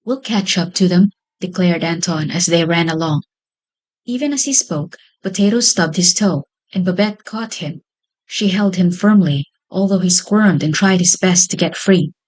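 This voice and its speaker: A woman's voice: fairly low pitch, moderate pace, darkish tone, poor audio. Woman reading a children's story.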